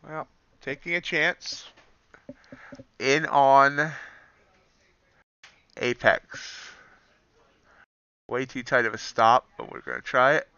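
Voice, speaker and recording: A man's voice: mid-range voice, slow, pauses often, sharp tone, clear, resonant tone, no room sound, lo-fi sound. A man giving live commentary on his trades, counting off prices and greeting viewers in chat. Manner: calls out prices and chats with viewers. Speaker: livestream futures trader.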